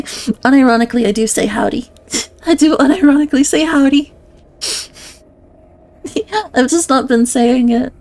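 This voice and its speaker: A woman's voice: high-pitched, darkish tone, no echo. A woman streamer chatting casually on a live stream, giggling often, self-conscious and swearing a lot.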